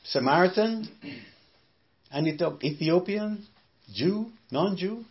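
A man with a high voice preaches a sermon with force, circling back to the same phrases again and again. He drives his points home with pointed rhetorical questions. The recording sounds dull and muffled, as if lo-fi. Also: animated, moderate pace.

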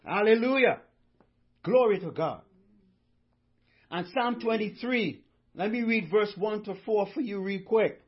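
A man's voice: high voice, a little slow, long pauses, slightly rough, highs cut off. A male pastor preaching a sermon, fervent and repetitive, stressing each line with conviction. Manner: fervent, repeats lines with conviction.

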